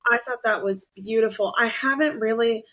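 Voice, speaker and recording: A woman with a fairly high voice co-hosts a podcast, chatting casually at a moderate pace. Her storytelling is animated, with acted-out quotes and frequent laughter.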